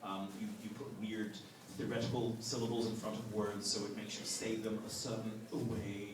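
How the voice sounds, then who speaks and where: A man's voice: on the low side, little pitch movement, moderate pace. A man from Texas with a neutral American accent, a voice actor joking with fans during a convention Q&A panel. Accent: none, neutral American. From Texas, USA. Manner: playful, joking, calling on fans. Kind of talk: lively fan Q&A banter. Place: large convention hall. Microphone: handheld phone in the audience. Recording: echoey hall, far phone mic, noisy crowd.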